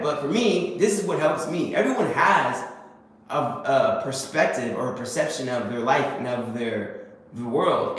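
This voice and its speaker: A man giving a casual motivational monologue, full of fillers and repeated phrases. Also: a little high. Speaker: host. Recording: very echoey room with faint noise.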